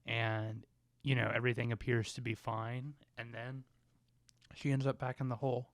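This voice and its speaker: A man's voice: medium pitch, level tone, normal speed, dry recording. A man co-hosting a podcast, adding dry, joking remarks about a movie in a casual chat. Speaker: podcast co-host.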